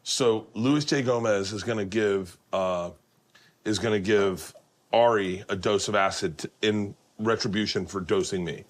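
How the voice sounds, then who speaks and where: A man's voice: on the low side, measured pace. Profane storytelling man hosting a podcast. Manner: profane, animated anecdote telling with many restarts. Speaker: podcast host. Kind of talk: storytelling over dinner.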